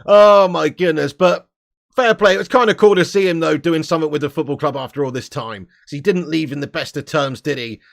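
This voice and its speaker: A man's voice: fairly high pitch, fairly quick, gravelly. Sweary man ranting on a stream. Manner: sweary, blunt, laughing rants. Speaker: host of a fan channel live stream. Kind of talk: casual live-stream commentary.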